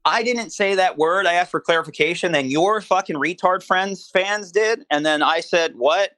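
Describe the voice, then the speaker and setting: A man arguing on a call, defensive, repeatedly cutting in to slow things down. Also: high voice, pushed and bright, no room sound. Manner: defensive, keeps interrupting with 'hold on'. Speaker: guest in a dispute. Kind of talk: heated argument on a call.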